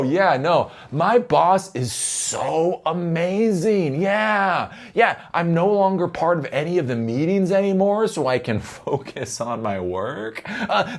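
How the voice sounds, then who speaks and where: A man's voice: high-pitched, pitched above the performer's own voice. A man doing a naively cheerful office worker. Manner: chirpy, self-satisfied. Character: naive cheerful male office employee, oblivious.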